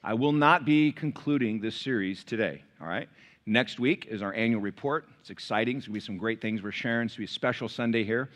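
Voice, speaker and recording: Middle-aged man, pastor, bright edge to the voice, story-driven sermon with asides to the congregation. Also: lowish voice, brisk.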